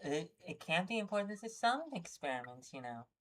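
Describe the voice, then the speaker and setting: A woman's voice: lowish voice, sing-song, fairly quick, a bit bright. A woman co-hosting a reading stream, chatting casually with playful, giggly banter. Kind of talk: casual chat.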